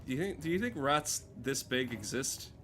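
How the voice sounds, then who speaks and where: A man's voice: medium pitch, animated, moderate pace, fairly bright tone, soft background music. Sweary joking man playing a game. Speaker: gaming streamer. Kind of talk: casual let's play commentary.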